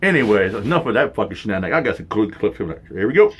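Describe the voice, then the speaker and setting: A man's voice: big pitch swings, racing, breathy edge. A man hosting a stream, ranting in a profane, mocking, casual way. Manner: mocking, mimics others in high voices. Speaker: streamer host.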